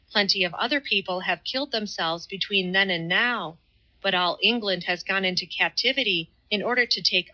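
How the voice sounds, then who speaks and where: A woman's voice: on the low side, bright, forceful tone, poor audio. A woman reading the part of an earnest, devout man who speaks with fervent, laborious care in an audiobook.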